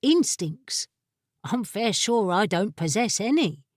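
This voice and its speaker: A woman's voice: medium pitch, very animated, slow, no echo, clean studio sound. A woman voicing a blunt, disgruntled female magical familiar in an audiobook. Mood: tart. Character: sardonic female magical familiar creature, tart-tongued.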